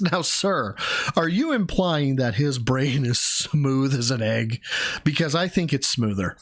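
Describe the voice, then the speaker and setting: A man's voice: mid-range voice, expressive, normal speed. A man co-hosting a live stream, roasting his partner with sarcastic, crude jokes. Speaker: stream co-host.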